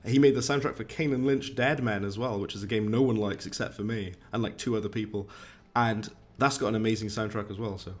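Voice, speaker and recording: A man's voice: on the low side, fairly even intonation, fast talker. A man, chatting casually and rambling to viewers while streaming a game. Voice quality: posh-sounding.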